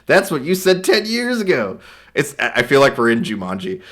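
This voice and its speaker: Giggly bright-voiced man streamer. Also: medium pitch, huge pitch swings. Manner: laughs often, reads captions aloud with quick silly voices. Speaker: streamer reading viewer art aloud. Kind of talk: casual reaction commentary.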